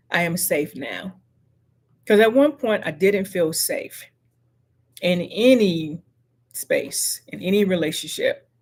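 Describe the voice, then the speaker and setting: A middle-aged woman hosting a motivational live stream, speaking slowly and earnestly and repeating her affirmations to viewers. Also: medium pitch.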